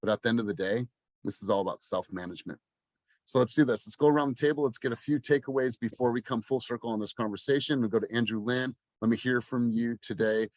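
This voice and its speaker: A man in his thirties coaching a sales team on a video call, passionate and blunt, swearing and rising to near-shouting. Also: mid-range voice, fast, no echo. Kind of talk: motivational team meeting talk.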